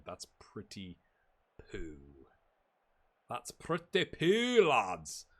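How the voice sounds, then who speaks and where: A middle-aged man giving chatty commentary on his football management game and talking to his viewers. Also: medium pitch. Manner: animated, chatty, talks to viewers and players. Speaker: gaming YouTuber. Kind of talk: casual Let's Play commentary.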